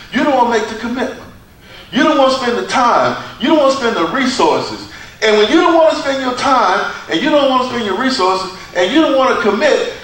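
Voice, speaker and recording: A man preaching a sermon in a church, with a preacher's cadence, dramatic pauses and repeated phrases. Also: very high-pitched, a bit bright. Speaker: pastor. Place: church sanctuary. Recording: echoey church from far off.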